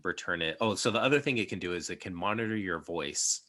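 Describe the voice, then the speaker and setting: Brief: young male podcast host, low voice with a bright edge, rambling casual chat. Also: expressive, fast. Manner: rambling, many fillers and restarts.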